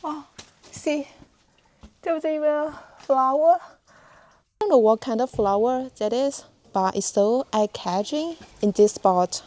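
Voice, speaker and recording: A young woman narrates her hike through a narrow cliff crack for her channel. She speaks slowly in a soft, mellow voice pitched somewhat high. She keeps up a friendly running chat with her viewers as she walks. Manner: chatty, talks to viewers while walking. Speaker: hiking vlogger. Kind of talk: casual vlog narration while hiking.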